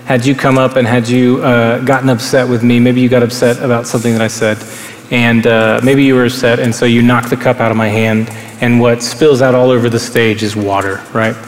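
A man's voice: medium pitch, flat delivery, a little fast, slight background noise. A young adult man and pastor preaching a sermon on stage in an earnest, conversational way, often repeating words for stress. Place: large hall with stage. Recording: roomy reverberant hall, faint ambience.

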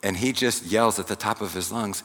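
Man, sermon, slow deliberate teaching, bright forceful tone, long hall reverb. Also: on the low side. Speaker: pastor.

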